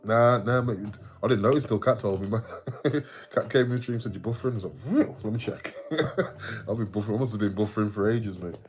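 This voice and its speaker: A man from the English Midlands hosts a late-night livestream in a deep, low voice. He rambles casually, swears a lot and answers chat comments as they come in. Faint music plays underneath. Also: steady tone, fast. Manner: chatty and rambling, sweary, laughs often, reads out viewer comments. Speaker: livestream host.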